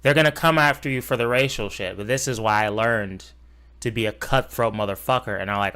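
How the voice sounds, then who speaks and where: Young guy streamer ranting at a video, cussing, sarcastic, bright punchy voice. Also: on the low side, fairly quick. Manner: profane, sarcastic, mocking. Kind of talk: casual reaction commentary.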